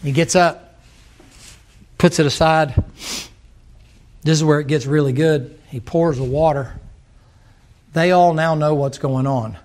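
A high-voiced male preacher delivers a folksy sermon. He slips into character voices and builds to loud, emphatic peaks. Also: steady tone, a little slow, long pauses. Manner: folksy, rising to emphatic shouts, acts out voices.

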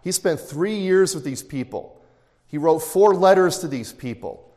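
A man's voice: a little high, lively intonation, measured pace, a little mellow. A middle-aged man preaching an expository sermon in a conversational, anecdotal way, with asides and chuckles. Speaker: pastor. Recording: long reverb in a large hall.

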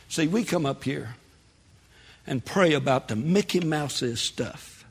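A man preaching a sermon in a church, animated, with sudden shouts and quick asides. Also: fairly high pitch, slightly rough. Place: church sanctuary. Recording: long hall reverb.

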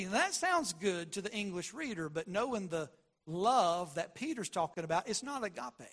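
A man preaching a sermon, swinging between loud emphatic lines and quiet murmurs, and acting out Bible dialogue. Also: animated, a little slow. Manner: preaching with big swings in loudness, from near-shouts to low murmurs; acts out Bible dialogue in quoted voices. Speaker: pastor.

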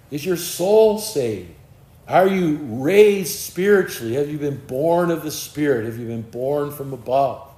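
A man's voice: fairly high pitch, dark tone, roomy sound. A man preaching a sermon in an earnest way, often repeating words as he searches for the next one.

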